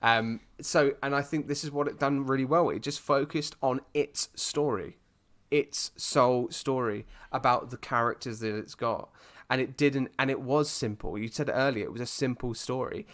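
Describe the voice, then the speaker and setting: A man from the UK co-hosting a casual podcast chat, talking in an animated, rambling way with restarts. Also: medium pitch, normal speed. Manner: animated, rambling, puts on voices and laughs often. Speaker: podcast co-host.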